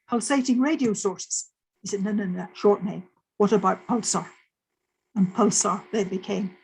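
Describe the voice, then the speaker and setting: Husky older woman telling a science story. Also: mid-range voice, a little mellow, poor audio. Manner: vivid present-tense storytelling, explains plainly. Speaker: astrophysicist giving a talk. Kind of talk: lecture told as a personal story.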